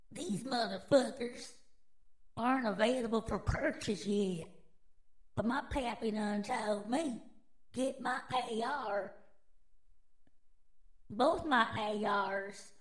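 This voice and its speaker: A woman voicing a gun-loving, conspiracy-ranting redneck man with a drawl, swearing and shouting in bursts. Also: a little high. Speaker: comedy character. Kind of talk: comedic character rant.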